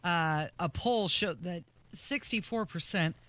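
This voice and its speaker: A talk radio co-host with a high, bright voice reads news items and drops in short, agreeable replies. The studio mic sounds close and dry. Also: male voice, takes it slowly, no room sound. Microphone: studio microphone.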